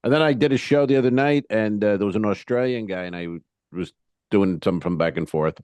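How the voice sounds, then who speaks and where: A low-pitched man trading loose comedy talk with a fellow comic. He bursts into put-on voices for the people in his stories. The sound is dry and close. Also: fast, clear, resonant tone, no echo. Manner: animated, acts out quoted voices in bits. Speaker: comedian podcast co-host. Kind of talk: casual banter.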